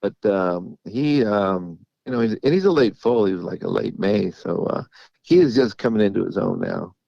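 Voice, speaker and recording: A middle-aged racehorse trainer telling stories in a casual interview, halting and repeating words as he goes, often laughing. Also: lowish voice, animated, creaky, no room sound. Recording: dull lo-fi audio.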